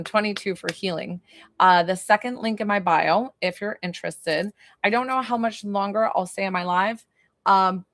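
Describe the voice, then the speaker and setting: A woman's voice: mid-range voice, no room sound. A woman hosting a live stream as a psychic medium from her basement, chatting effusively with viewers and swearing casually. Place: basement room.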